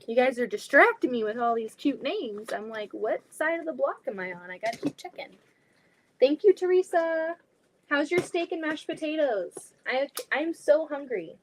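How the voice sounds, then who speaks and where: A young woman with a fairly high, light voice hosts a live sewing stream. She chats casually as she works, reads her viewers' comments aloud and laughs often. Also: lively intonation, normal speed, slight background noise.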